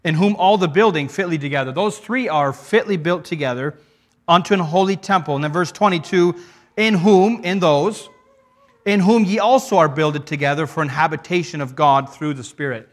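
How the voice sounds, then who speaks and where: A man preaching a sermon earnestly, reading verses aloud and pausing to restart his thoughts. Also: fairly high pitch. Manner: earnest, with frequent restarts and pauses to read scripture.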